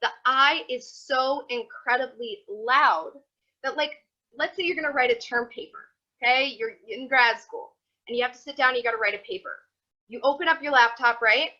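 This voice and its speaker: A woman, teaching a motivational class in a chatty, animated way. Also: high voice, normal speed. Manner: animated, chatty, acts out quotes. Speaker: Torah teacher. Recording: dull lo-fi sound.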